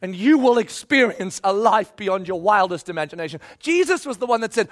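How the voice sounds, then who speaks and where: A man's voice: high voice, expressive, a little fast, few pauses. A middle-aged male pastor preaching a sermon, emphatic and repeating himself as he acts out quotes.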